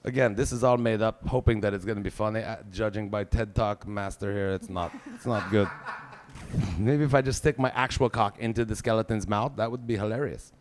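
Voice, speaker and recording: A man's voice: on the low side, a little fast. A man doing live stand-up, telling a crude, self-mocking story peppered with swear words. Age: 40s. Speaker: stand-up comedian.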